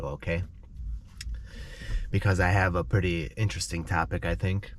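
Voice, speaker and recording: A man with a congested, stuffy nose from a cold, telling a personal story slowly and clearly as an English lesson, often checking in with "okay?". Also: low-pitched, slight background noise. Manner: slow, clear, explains vocabulary, checks in with "okay?". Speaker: English teacher, channel host.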